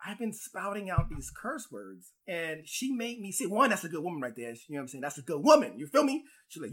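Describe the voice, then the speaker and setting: A man co-hosting a podcast who tells animated stories, acts out other people's voices and laughs often. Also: sits high, fairly quick, slightly rough. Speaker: podcast co-host. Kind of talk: casual podcast banter.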